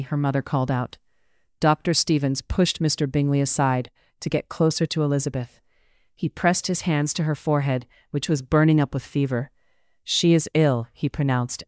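An audiobook narrator giving a steady, even reading of a period romance story. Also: mid-range voice, clean tone, dry recording, studio quality.

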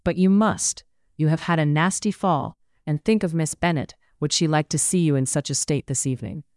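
An audiobook narrator voicing a stoic, proud gentleman who speaks curtly and formally, in a dry, smooth studio read. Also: mid-range voice, moderate pace, no room sound, close to an everyday voice. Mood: persuading. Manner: curt, formal. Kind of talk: audiobook character reading.

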